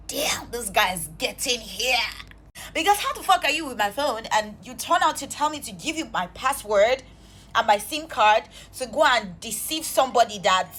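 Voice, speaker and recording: A woman telling an exasperated storytime vlog, animated and swearing freely. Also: a little high, a little hiss or hum. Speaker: vlogger.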